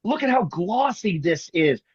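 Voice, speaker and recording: A man performing as a magician, telling jokey stories in quick comic patter over a video call. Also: high voice, very animated, breathy edge, no room sound, highs cut off. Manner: rapid joking storyteller, playful teasing. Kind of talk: comic patter on an online show.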